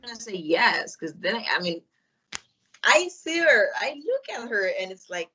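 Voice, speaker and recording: A woman's voice: a little high, very animated, normal speed, pushed and bright, muffled recording, slight background noise. A woman co-hosting a podcast in casual chat, dry and teasing. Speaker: podcast co-host.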